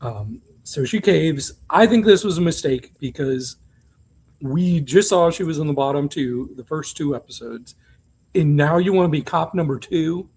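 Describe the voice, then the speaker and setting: A man co-hosting a casual podcast, talking through reality TV news in a loose, candid way. His voice is a little husky and sits slightly high for a man, and he fills pauses with ums and asides. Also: animated, a little mellow. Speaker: podcast co-host. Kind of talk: casual chat recapping reality TV.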